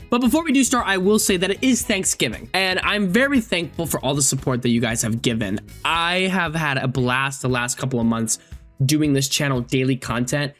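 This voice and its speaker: A young man around twenty talks casually through forum posts for his gaming channel. He swears freely, bursts up loud and then sinks into low mutters. Faint music plays quietly behind his voice. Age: 20s. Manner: animated, swearing, swings between loud outbursts and low mutters. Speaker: gaming YouTuber.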